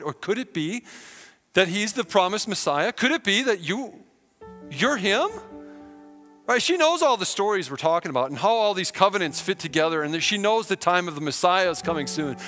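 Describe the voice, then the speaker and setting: Animated male preacher over music. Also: high voice, normal speed. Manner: animated storytelling, swinging between hushed and exclaimed. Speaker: pastor. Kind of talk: sermon.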